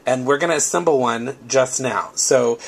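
A man's voice: medium pitch, normal speed, gravelly, slightly rough. A man hosting a casual craft tutorial, explaining step by step while recovering from a cold. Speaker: craft video host.

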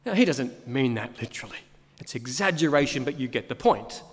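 A man's voice: medium pitch, lively intonation, brisk. A male pastor preaching a sermon, emphatic, repeating key phrases and asking rhetorical questions. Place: church. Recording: long reverb of a church hall.

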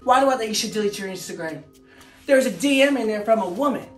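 A man voicing a brash, foul-mouthed middle-aged wife in a parody sketch, shouting and cursing. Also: sits high, animated, quick pace. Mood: furious. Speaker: comedian. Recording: roomy echo, mic far off, loud music.

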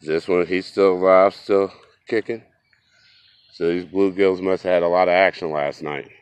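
A folksy man talks casually to his viewers while out on a riverbank. His voice sits low and comes across smooth and clear. The sound is close and dry. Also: fairly even intonation, moderate pace, dry recording. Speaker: fishing vlogger. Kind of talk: casual outdoor vlog. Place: outdoors by a riverbank.

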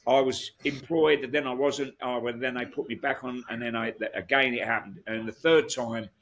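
A man's voice: mid-range voice, fairly even intonation, moderate pace, fairly bright tone. A man, a guest musician telling rambling stories in a casual interview, full of restarts and asides.

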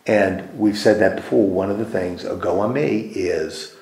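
A man speaks at normal speed in a deep, creaky, darkish voice while guiding a group Bible study in a church meeting room. He poses questions and restates the answers he gets, captured with roomy echo.

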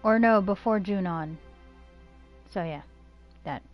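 A woman's voice: medium pitch, slow pace, lo-fi sound. A woman giving casual, giggly commentary while playing a game, talking to herself. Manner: giggly, chatty, talks to herself. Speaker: game streamer. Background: game music.

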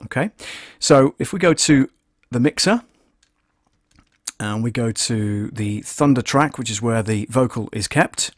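A man hosting a live stream, casually explaining audio software and thinking aloud as he works. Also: mid-range voice, animated, slow, dry recording, studio quality. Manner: chatty, thinking aloud with many fillers.

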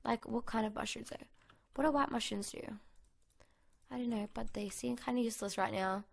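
An Australian woman giving bubbly, excitable, chatty commentary over her own gameplay, recorded at home on a desk microphone. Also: fairly high pitch, brisk, creaky. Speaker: gaming YouTuber. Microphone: USB condenser mic on a desk.

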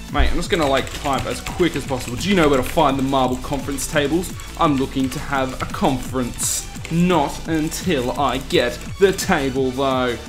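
Man, gaming commentary, casual and crude, joking, mock-dramatic readings, mid-pitched voice, clacking keyboard near the mic. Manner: jokey and profane, reads tweets aloud in mock-dramatic bursts. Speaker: gaming YouTuber. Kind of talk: casual let's-play commentary. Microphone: desk mic beside a loud mechanical keyboard.

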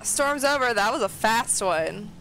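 Woman, game streamer, excitable, squealing exclamations, high bright voice. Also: unhurried, slight background noise. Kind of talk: casual game commentary.

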